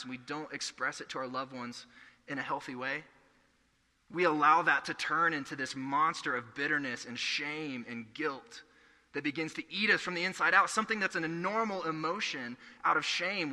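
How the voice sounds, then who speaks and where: A man's voice: a little high, bright, forceful tone. A young man preaching a sermon, earnest and conversational, telling stories from his own life. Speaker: pastor. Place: church hall. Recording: echoey hall.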